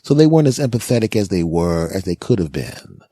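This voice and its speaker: A man's voice: lowish voice, brisk, slightly rough, dry recording, clean studio sound. A man in his forties doing a comedy monologue as a podcast host, telling stories and acting out the people in them. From United States. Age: 40s. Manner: animated storyteller, acts out other voices, repeats words for effect.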